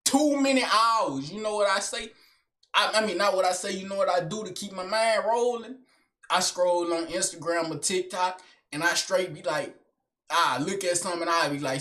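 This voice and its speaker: A young man rambles through a joking solo monologue, full of street slang. His talk is animated and loose, and it swings between hype and mumbling asides. His voice sits high for a man. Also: brisk. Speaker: vlogger. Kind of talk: casual comedic monologue.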